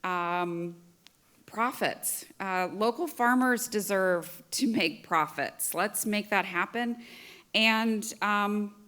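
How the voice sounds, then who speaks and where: A woman's voice: medium pitch, slow, fairly bright tone, clean tone. A woman program officer gives recap remarks on an auditorium stage. She speaks hesitantly with frequent ums and moves through her points like a list.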